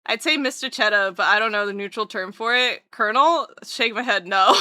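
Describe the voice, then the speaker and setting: A young adult woman livestreamer chatting casually with her viewers, bubbly and excitable, with jokey self-mocking asides and a voice that leaps up when she greets people. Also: a little high, brisk, dry recording. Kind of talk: casual chat with live viewers.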